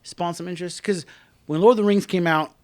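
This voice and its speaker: A man's voice: high-pitched, fairly even intonation, brisk, darkish tone. A young man co-hosting a podcast, talking about films in a laid-back way and tagging sentences with "man" and "dude". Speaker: podcast co-host. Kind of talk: casual movie chat.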